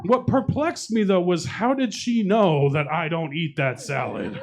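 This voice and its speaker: A man's voice: high voice, measured pace. A young adult man doing a stand-up comedy set, telling profane, self-deprecating stories and teasing the audience. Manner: profane, self-deprecating storytelling with crowd work. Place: comedy showcase venue with live audience.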